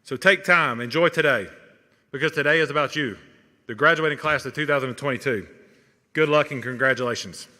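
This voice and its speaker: Commencement speaker, man, bright voice, earnest encouragement, echoing hall reverb. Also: mid-range voice, fairly quick. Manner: earnest, encouraging, quotes sayings. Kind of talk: formal commencement address. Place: large hall.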